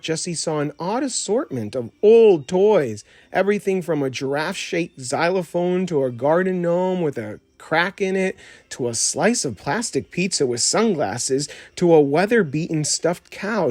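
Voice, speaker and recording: A man narrating a children's storybook audiobook in a measured, plain reading. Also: on the high side, expressive, darkish tone, no echo. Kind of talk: storybook read-aloud narration.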